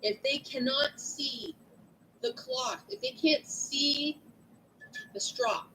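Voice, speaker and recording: Loud, lively woman teaching. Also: sits high, slow, creaky, a little hiss or hum, rough recording. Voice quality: big loud voice. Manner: chatty, animated, asks "right?" often. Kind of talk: online lecture to students. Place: at home at a computer. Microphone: computer mic.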